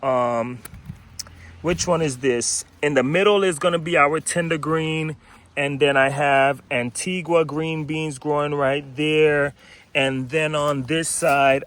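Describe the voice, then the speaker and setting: Slow-talking man on a backyard garden tour. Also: medium pitch. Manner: unhurried, explains each plant with frequent ums. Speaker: gardening vlogger. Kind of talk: casual garden tour walkthrough.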